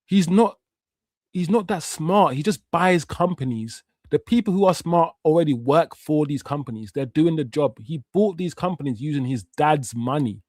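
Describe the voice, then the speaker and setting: A man's voice: a little high, lively intonation, normal speed, darkish tone, no room sound. A man, hosting a live watch-along stream in a heated, slang-filled rant that often swears. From Jamaica. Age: 50s.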